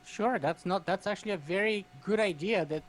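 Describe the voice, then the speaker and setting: Man, podcast guest, casual chat, encouraging, high-pitched voice. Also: fairly quick. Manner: encouraging, gives advice.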